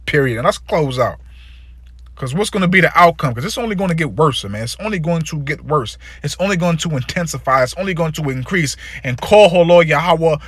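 A man's voice: medium pitch, a bit bright, breathy edge, no echo. A man giving a fervent, profane sermon, reading scripture aloud and stumbling over many filler sounds. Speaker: preacher.

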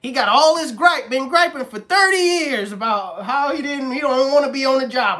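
An animated man chats casually on a live stream while he works as a barber. His pitch swings widely as he jokes around. He keeps the talk loose and playful, like he is hanging out. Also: moderate pace, hardly any pauses. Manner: animated, laughing, mimics older folks in a squeaky voice. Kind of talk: casual livestream chat.

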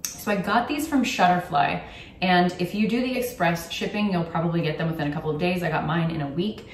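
A woman's voice: fairly low pitch, brisk, far from the mic, slight background noise. Young woman YouTuber, chatty gift-guide vlog, echoey room, faint background ambience. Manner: chatty, candid, with frequent ums. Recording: roomy echo, from off the mic.

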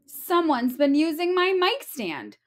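A woman reading aloud, voicing a fussy mother bear with shrill, dramatic outbursts. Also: sing-song, slow, exaggerated voice.

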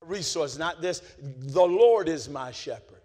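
A man preaching a sermon as pastor, pulling the congregation into call-and-response and swinging between low, quiet talk and shouting. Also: animated, takes it slowly.

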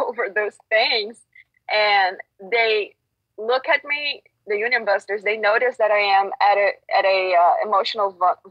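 A woman's voice: fairly high pitch, dry recording, highs cut off. A woman guest, a grocery union organizer, telling her story in an earnest, frank, casual way with many restarts.

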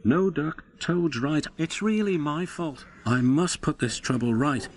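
A man's voice: a little high, lively intonation, a little slow, slight background noise, pitched above the performer's own voice. A man voicing a polite, earnest young engine who speaks apologetically. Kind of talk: storybook narration.

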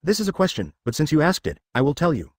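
A man reading the lines of a blunt young woman fighter in a flat machine-read fan fiction, with no change of voice for her. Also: on the high side, fast talker, no echo, studio quality. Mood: plain. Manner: plain read voice, no change for the role.

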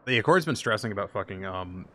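A man's voice: fairly low pitch, lively intonation, fast talker, pushed and bright, slight background noise. A man streaming an online game, chatting casually with friends, joking and swearing freely. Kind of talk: casual gaming chat over voice call. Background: music.

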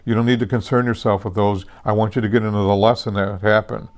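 A man's voice: on the low side, flat delivery, fast talker, darkish tone. A man pastor teaching a sermon in a conversational way, often asking "amen?" and "okay?", with many restarts and self-corrections. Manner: conversational, repeats "okay" and "amen" checks with listeners.

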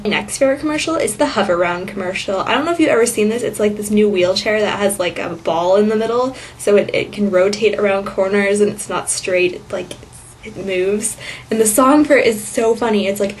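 A woman's voice: medium pitch, fairly quick, a little hiss or hum. A woman vlogging in a casual, chatty monologue, rambling with lots of fillers and giggles.

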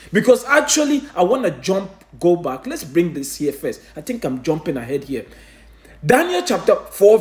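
A male preacher giving a sermon, firing rhetorical questions and reading scripture aloud with frequent restarts. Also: high-pitched. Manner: asks rhetorical questions, answers himself.

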